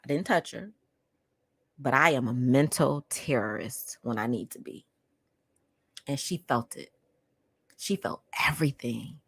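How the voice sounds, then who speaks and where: A woman's voice: extremely low pitch, measured pace, long pauses, slightly rough, no room sound. A woman hosting a podcast, telling a personal story in an outspoken, emphatic way and talking straight to her listeners. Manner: emphatic, addresses listeners directly; outspoken and heated. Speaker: podcast host.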